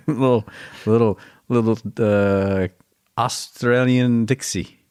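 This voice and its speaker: A man's voice: mid-range voice, fairly even intonation, slow, darkish tone, clear, resonant tone. A man co-hosting a podcast in casual chat, joking with brief banter replies. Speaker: podcast co-host.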